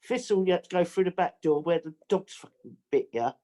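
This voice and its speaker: Woman, blunt, mellow voice. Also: on the low side, lively intonation, a little fast. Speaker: guest. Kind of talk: casual discussion.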